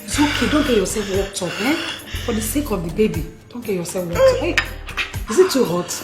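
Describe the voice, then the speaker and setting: Lively Nigerian mother-in-law played by an older woman, indignant and bossy, in a roomy space with loud music. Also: medium pitch, a little fast, lightly acted. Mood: soothing. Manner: scolding, indignant. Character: domineering older mother-in-law siding with her son's pregnant fiancée. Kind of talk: Nollywood film acting.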